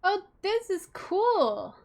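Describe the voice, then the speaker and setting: A woman streamer chatting excitedly to her chat during a live game stream. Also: extremely high pitch, very slow, vocal fry. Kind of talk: casual live-stream commentary.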